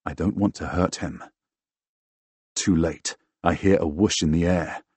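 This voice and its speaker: A man narrating a first-person fantasy audiobook in a dramatic, expressive way, recorded close on a studio microphone. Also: low-pitched, measured pace, slightly rough, no echo. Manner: dramatic, expressive, bursts into loud shouts in dialogue.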